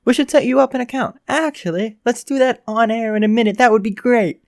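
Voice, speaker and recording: A man voicing a loud, teasing male radio host and teacher in a read-aloud fan story, talking in a brash, upbeat way. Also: on the high side, lively intonation, normal speed, no room sound, studio quality, close to an everyday voice.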